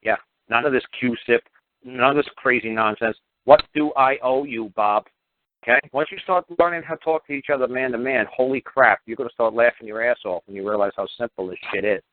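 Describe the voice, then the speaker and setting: A man's voice: mid-range voice, fairly quick, no room sound. A man hosting a call-in radio show, lecturing a caller in a blunt, profane way. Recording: dry phone-line radio audio.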